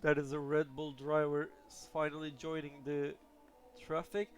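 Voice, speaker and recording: A man's voice: fairly high pitch, level tone, moderate pace. Casual man commentating a sim race. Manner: casual, hesitant, thinking aloud. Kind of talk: live sim racing commentary. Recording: music playing behind.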